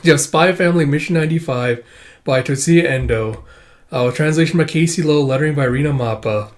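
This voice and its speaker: A man's voice: a little high, a little fast. A man hosting a casual manga read-through, rambling with many fillers. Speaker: host.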